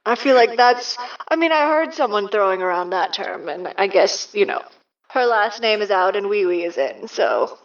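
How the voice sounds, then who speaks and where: A woman's voice: mid-range voice, lively intonation, normal speed, far from the mic. A woman taking her turn in a tabletop role-playing session, casual and dryly playful. Her sound is a bit dull and she is some way off the microphone. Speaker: player.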